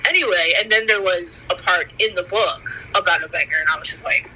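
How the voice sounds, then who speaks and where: Very bright-voiced woman rambling on a call. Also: lowish voice, a little fast, slight background noise, rough recording. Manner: rambling, lots of "like", swears casually. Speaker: friend on a call. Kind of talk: casual chat.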